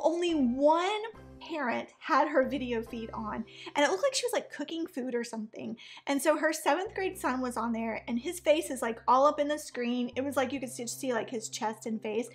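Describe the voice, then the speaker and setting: A woman in her thirties chats in a high, animated voice, reacting to memes in a casual vlog. She laughs often as she tells stories. Faint music plays in the background. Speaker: vlogger, mom.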